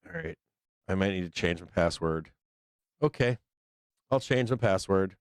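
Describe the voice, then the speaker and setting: A man hosting a live trading stream, chatting casually in a profane, rambling, excitable way. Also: deep voice, moderate pace, clean tone, no room sound. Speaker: livestream trading show host. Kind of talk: casual livestream chat.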